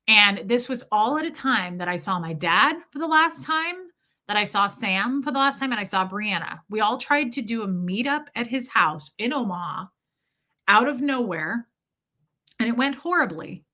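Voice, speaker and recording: Her voice is mid-range, bright and forceful as this thirtysomething streamer shares a frank story from her own life. Cursing without restraint, she replies to people in her chat by name.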